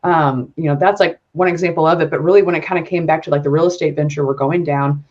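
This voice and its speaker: A woman's voice: low voice, fairly even intonation, fast, a little mellow, dull audio. A woman guest on a podcast, talking candidly and ramblingly with lots of fillers and casual swearing. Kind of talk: casual conversational interview.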